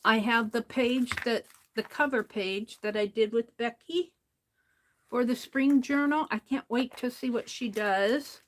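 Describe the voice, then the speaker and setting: A woman's voice: a little high, slight background noise. A woman chatting casually while she crafts at home, rambling and talking to herself as she works. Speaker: art livestreamer.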